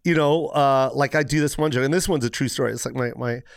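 A man's voice: medium pitch, fast talker, gravelly, dry recording, studio quality. A middle-aged man, a guest comedian in casual podcast chat, telling stories with swearing and mimicked voices. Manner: animated storytelling with mimicked voices and frequent swearing.

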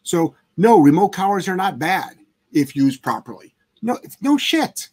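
A man's voice: high-pitched, very animated, a little slow, a little mellow, husky. A man hosting a casual live chat as a dog trainer, talking bluntly and emphatically with plenty of swearing. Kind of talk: casual livestream chat answering viewer questions.

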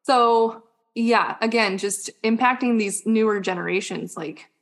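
A woman's voice: a little high, unhurried. A woman in her thirties, a nurse and mother, chatting as a podcast guest with lots of "like" and "yeah". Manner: casual, says like and yeah a lot. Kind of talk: casual chat.

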